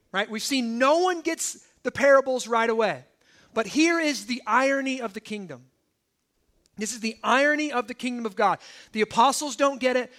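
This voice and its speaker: A man's voice: very high-pitched, a bit bright. A man preaching a sermon in a conversational way, often checking in with the listeners with "right?" and "okay?". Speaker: pastor.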